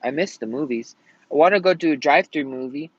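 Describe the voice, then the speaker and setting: A frustrated man rambles to camera in a slightly high, lively voice, swearing freely as he vents. The sound is dry and close, with a dull, lo-fi quality. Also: quick pace, husky, no echo. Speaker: vlogger. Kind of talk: casual rant to camera. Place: at home in Colorado.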